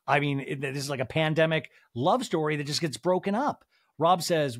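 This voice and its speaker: A man's voice: on the high side, normal speed, no echo, clean studio sound. A man hosting a podcast, giving a comedic recap of a reality TV episode and acting out the cast's dialogue. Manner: animated, acts out the scene's dialogue. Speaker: podcast host.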